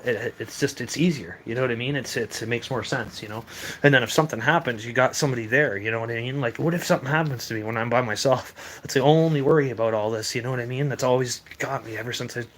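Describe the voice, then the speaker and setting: A man's voice: medium pitch, fairly bright tone, a little hiss or hum. A young man casually recounting strange experiences, rambling with lots of fillers and swearing. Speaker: paranormal video creator. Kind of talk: casual storytelling.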